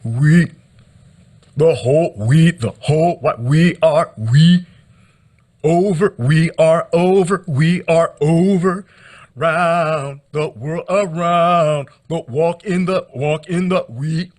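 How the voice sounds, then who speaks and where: A man performing a spoken-word poem, chanting with stammered repetitions and hissed hushes. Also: a little high, takes it slowly.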